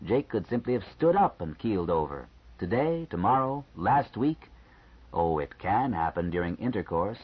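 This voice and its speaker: A man reading an audiobook, voicing a calm male doctor who explains things frankly and matter-of-factly. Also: fairly low pitch, breathy edge. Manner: measured, matter-of-fact explaining. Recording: slightly muffled lo-fi recording.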